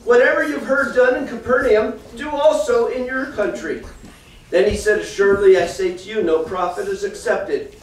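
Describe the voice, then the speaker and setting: A man teaching a children's church class, reading a Bible passage and then explaining it to the kids in a lively storytelling way. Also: sits high, normal speed. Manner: animated storyteller, reads scripture then talks directly to the kids. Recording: echoey room from far off, faint noise.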